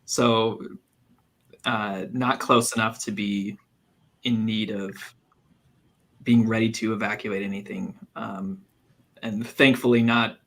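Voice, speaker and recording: A man's voice: fairly low pitch, steady tone, takes it slowly, pauses often, fairly bright tone. Earnest man from Idaho. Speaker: guest reader. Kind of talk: casual chat on a video call.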